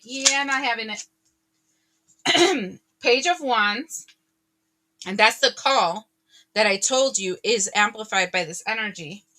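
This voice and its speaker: Woman tarot reader, fairly high voice, bright and lively, casual chat with viewers. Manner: chatty, animated, laughs often, exclaims.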